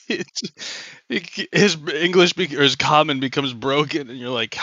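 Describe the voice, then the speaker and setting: A man's voice: fairly high pitch, normal speed, pushed and bright, no room sound. A man in casual banter during a tabletop game, jokey and laughing often, with stumbling restarts.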